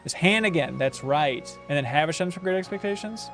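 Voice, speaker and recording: Man streaming a game, joking, rambling, slightly high voice. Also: expressive, brisk, few pauses, fairly bright tone, soft background music. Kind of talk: casual livestream commentary.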